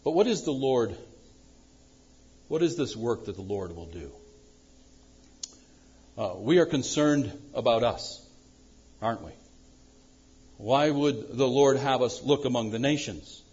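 A man preaching a sermon as pastor, swinging from loud acted-out prayers to low, quiet asides. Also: a little slow, long pauses, breathy edge, muffled recording. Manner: animated preaching, acting out prayers loudly then dropping low.

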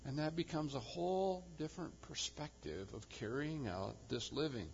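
A male pastor preaching a sermon with emphasis, swinging from loud proclamation to quiet intensity. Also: fairly high pitch, moderate pace, gravelly, muffled recording, slight background noise.

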